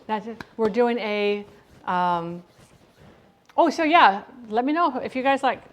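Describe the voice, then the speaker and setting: A middle-aged woman talks through her cooking on a live stream in a slightly high voice. She rambles loosely and often restarts her sentences, the easy chatter of someone at home in her own kitchen. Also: measured pace. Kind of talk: casual live-stream chat while cooking.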